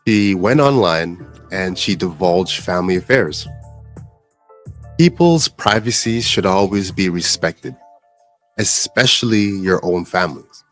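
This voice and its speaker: A man hosting a reaction show, weighing in with calm, measured commentary and a moralizing tone. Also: low voice, faint music behind. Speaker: reaction host.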